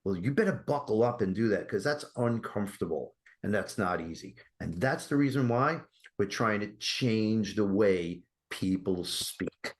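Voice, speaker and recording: A man talking as a guest on an interview podcast, energetic and persuasive, often asking rhetorical questions. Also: lowish voice, unhurried. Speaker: guest, mental health campaign creator.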